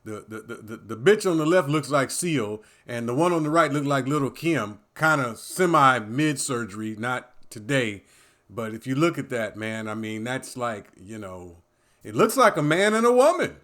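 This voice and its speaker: A man giving casual reaction commentary, rambling, repeating "man" and restarting phrases, swinging from loud animated bursts down to low muttering. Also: moderate pace. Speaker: commentary vlogger.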